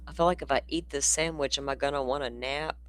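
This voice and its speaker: A woman's voice: rumbling low, steady tone, fast, fairly bright tone. A woman hosting a casual livestream, talking bluntly and profanely in a rambling way while she keeps yawning. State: yawning, sleepy. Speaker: livestream host.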